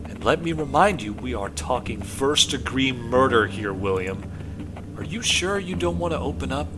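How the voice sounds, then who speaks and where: A man reading as a pushy, shouting police detective. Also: medium pitch, expressive, moderate pace, noisy background, natural voice. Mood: pressing. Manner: needling, swings to shouting threats. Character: gruff male police detective, pushy interrogator.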